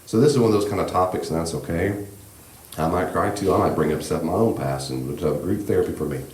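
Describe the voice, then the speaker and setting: Very deep-voiced man teaching a church class. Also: fast talker. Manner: gentle, reassuring, conversational with frequent asides. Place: church meeting room. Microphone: handheld microphone. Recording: echoey room with faint background hiss.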